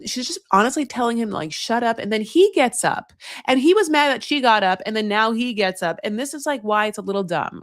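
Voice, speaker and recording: Gravelly, gossipy woman recapping TV. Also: on the low side, no echo, studio quality. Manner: gossipy, animated, acts out the cast's lines. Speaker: host recapping a reality show. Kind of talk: casual chatty TV recap.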